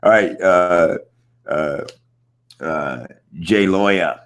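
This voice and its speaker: A man with a remarkably deep, low voice hosts a live online coaching chat. He talks in a loose, upbeat way, full of fillers, and speaks to viewers from his computer. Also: slow pace, pauses often. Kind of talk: casual coaching chat, reading viewer questions. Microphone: computer setup with screen share.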